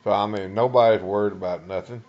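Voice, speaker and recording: An older man from Texas with a Texan accent, a veteran telling a personal war story in a folksy, halting way, full of uh's and restarts. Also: fairly low pitch, fairly even intonation, highs cut off. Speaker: Vietnam veteran.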